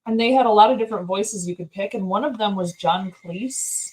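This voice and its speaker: A woman's voice: mid-range voice, fairly quick, low-quality recording. A woman co-hosting a casual chat show, telling amused stories. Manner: storytelling, amused, chatty. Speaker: co-host.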